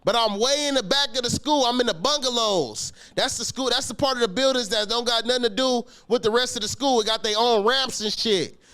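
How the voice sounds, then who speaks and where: A man telling a story about his school days in a casual, slangy, animated way, swearing often and acting out the scenes. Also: very high voice, a little fast, few pauses, clear, resonant tone. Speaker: podcast guest telling a story.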